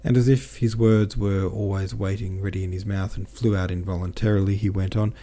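A man narrating a novel as an audiobook, reading in a steady, measured way. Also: deep voice. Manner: steady, measured reading with small self-corrections.

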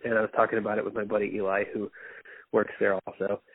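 A young man chats as a podcast guest, spinning loose, profanity-laced stories and laughing often. His voice is a bit husky. It comes through a narrow, phone-like line with a dry sound. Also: on the low side, level tone, fast, no room sound. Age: young adult. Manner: rambling storyteller, swears freely, laughs often. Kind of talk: casual chat.

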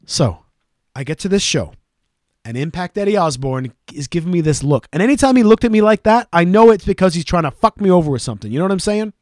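High-voiced profane podcast man. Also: lively intonation, quick pace, a little mellow, dry recording, clean studio sound. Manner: profane, storytelling banter. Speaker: podcast co-host. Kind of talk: casual podcast chat.

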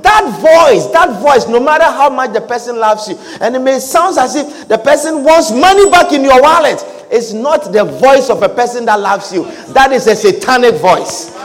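A man preaching a sermon in church, fervent, repeating phrases for emphasis and at times shouting. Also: extremely high pitch, expressive, moderate pace, few pauses. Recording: long reverb of a large hall.

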